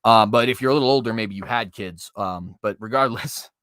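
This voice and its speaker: A man's voice: fairly low pitch, a little fast, fairly bright tone, no echo, clean studio sound. A man in his twenties hosting political commentary, reading news aloud with heavy sarcasm and sudden mocking outbursts. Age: 20s. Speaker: commentary host.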